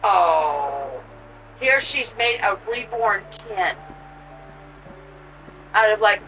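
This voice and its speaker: A woman vlogging an unboxing, gushing and excitable, cooing over a doll she pulls from the box. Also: mid-range voice, extremely slow, far from the mic, soft background music, poor audio. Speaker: reborn doll collector vlogger. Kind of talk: casual unboxing vlog.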